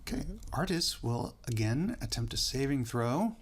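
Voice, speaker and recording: A man running a tabletop game as dungeon master, narrating outcomes in a measured, descriptive way. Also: mid-range voice, sing-song, husky.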